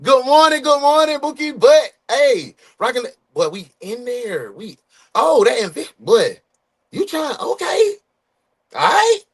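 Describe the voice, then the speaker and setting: Brief: upbeat male streamer, high voice, big swings in pitch, slangy and playful, shouts out chat. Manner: animated, shouting out viewers by name; loose slangy street talk, quick and playful. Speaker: livestream host greeting viewers. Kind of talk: casual livestream chat.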